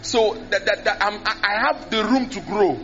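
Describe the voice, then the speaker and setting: A high-pitched man delivers a lively sermon into a handheld mic. He acts out prayers and repeats words for emphasis. The recording is dull and lo-fi, with faint music behind him. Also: moderate pace. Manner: animated, mimics tongues and prayers, repeats words. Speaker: preacher.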